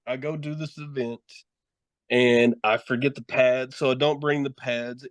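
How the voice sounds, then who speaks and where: A middle-aged man spins long, profane stories in a loose podcast conversation, cursing freely and laughing between lines. His voice sits at an ordinary pitch and sounds dry and close, with no room around it. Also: no room sound. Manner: profane, rambling storytelling with laughs. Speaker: guest, wrestler and horror host. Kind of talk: casual podcast chat.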